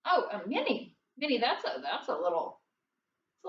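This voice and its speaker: A woman teaching first grade in a recorded lesson, slow and gentle, coaxing a puppet along as she talks to the kids. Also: on the high side, wildly swooping pitch, a little hiss or hum. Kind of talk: recorded lesson for young children. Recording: roomy, dull sound from a distance.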